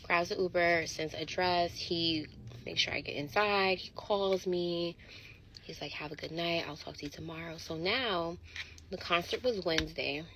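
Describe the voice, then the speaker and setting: Woman, lower register, casual storyteller. Animated and profane, acts out the quotes. Faint noise under the voice. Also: moderate pace, low-quality recording.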